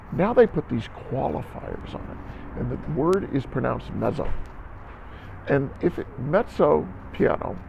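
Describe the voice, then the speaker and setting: A man's voice: medium pitch, gravelly, a little mellow, slight background noise, rough recording. A man teaching a music lesson to band students, explaining patiently step by step and sounding out syllables to demonstrate.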